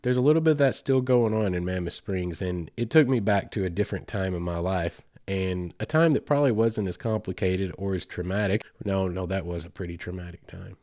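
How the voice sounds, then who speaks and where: This podcast host, a man in his forties from the Southern United States, sounds low and darkish, speaking fairly quickly with hardly any pauses. He's chatty and rambling, wandering through a casual tale full of asides and fillers, captured in clean studio quality without any room sound.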